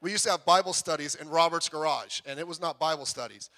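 A man preaching a sermon as pastor, in a lively, conversational way with jokes and quick self-repeats. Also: a little high.

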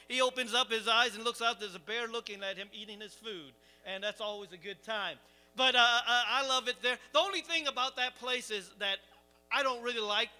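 A man preaching, telling a lively, self-mocking camping story to his congregation. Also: very high voice, clear, resonant tone. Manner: animated, self-deprecating storyteller. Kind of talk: storytelling sermon.

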